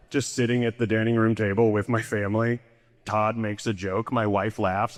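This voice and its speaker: Self-mocking stand-up comic in a hall. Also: male voice, flat delivery, moderate pace. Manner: self-deprecating, jumps into high-pitched voices for quoted people. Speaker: stand-up comedian. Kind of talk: stand-up comedy set. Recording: echoey hall reverb.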